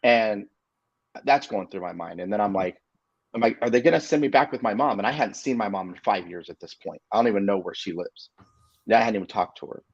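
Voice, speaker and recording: A husky, gravelly man in his forties tells a personal story in an earnest, halting way, stopping and restarting often. His voice sits at an ordinary pitch. The sound is dry and a little muffled. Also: dry recording. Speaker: inspirational speaker. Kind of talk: storytelling on a video call show.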